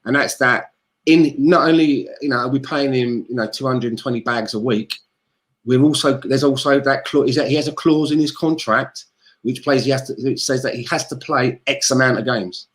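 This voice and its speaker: A man's voice: mid-range voice, normal speed. Sweary man ranting casually. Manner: animated and sweary, mimics others in quotes. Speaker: podcast co-host. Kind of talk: casual football chat.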